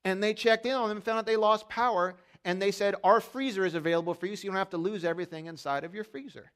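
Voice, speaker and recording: A pastor from Pennsylvania delivers a chatty sermon during a church service, posing questions to the congregation and spinning funny stories. He speaks quickly in a high-pitched, fairly bright voice.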